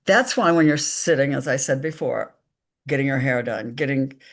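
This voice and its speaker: A woman, a psychic medium guest, telling stories slowly and emphatically in a live conversation, acting out the dialogue. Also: a bass voice. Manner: slow, emphatic storytelling with quoted dialogue.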